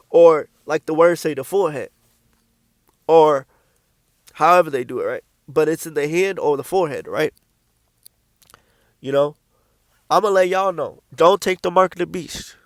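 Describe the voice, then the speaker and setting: A man with a high voice for his sex gives a blunt, casual preaching talk. He swears freely and hammers his points home by repeating them. The recording is close-miked and dry. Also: no echo. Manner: blunt, profane, repeats himself for emphasis. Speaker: Christian speaker.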